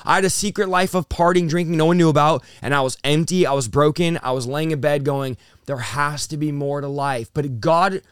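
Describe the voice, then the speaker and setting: Young pastor, male, raised voice, smooth and resonant, dry close mic; passionate testimony-teller. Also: fairly high pitch, brisk, no echo. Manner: intense, storytelling with acted-out quotes. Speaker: pastor and guest. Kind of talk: emotional testimony in an interview.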